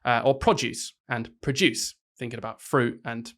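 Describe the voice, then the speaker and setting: A man's voice: mid-range voice, steady tone, moderate pace, a bit bright. A young man hosting a casual podcast chat, teasing his co-host and laughing often.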